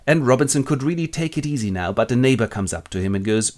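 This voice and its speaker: A man's voice: mid-range voice, quick pace, few pauses, darkish tone. A man narrating a comic literature summary in a wry, ironic, playful way.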